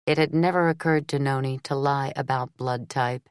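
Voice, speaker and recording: A woman narrating a romance novel audiobook in a measured, steady storytelling delivery. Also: very deep voice, clean tone, dry recording, clean studio sound.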